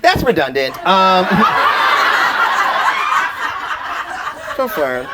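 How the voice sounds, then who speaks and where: A young man performing a stand-up comedy set before a live audience, jokey and animated, often laughing mid-line. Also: high voice, extremely slow. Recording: loud crowd and noise of a live club.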